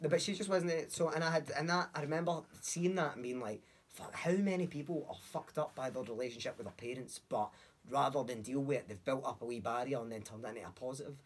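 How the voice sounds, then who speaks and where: A man's voice: medium pitch, quick pace, husky. A young Scottish man, a podcast guest, chatting bluntly and swearing freely as he tells stories. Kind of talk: casual chat.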